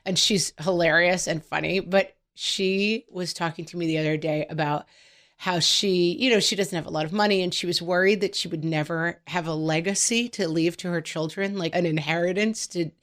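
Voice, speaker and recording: A woman in her forties co-hosting a podcast in casual chat, telling stories with lively acted-out quotes. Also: on the low side, normal speed. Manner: animated storytelling, quoting family in character. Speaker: podcast co-host.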